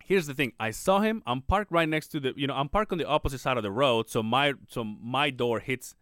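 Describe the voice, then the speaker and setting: A man's voice: medium pitch, brisk, a bit bright, dry recording, clean studio sound. A man co-hosting a podcast, telling a long story in casual chat and acting out the people in it, swearing freely. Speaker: podcast co-host.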